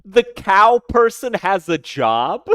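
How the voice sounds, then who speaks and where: A man's voice: high-pitched, big pitch swings, sharp tone, clear, resonant tone, no room sound, clean studio sound. A man streaming a reaction, talking casually with incredulous, profane mockery. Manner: incredulous, profane, quick to mock.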